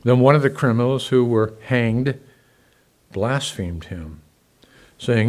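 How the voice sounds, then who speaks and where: A man's voice: medium pitch, slow pace, pauses often. Emphatic male preacher. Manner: emphatic, rising to loud peaks and dropping to soft asides; conversational, asks the congregation questions. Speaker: pastor. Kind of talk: sermon.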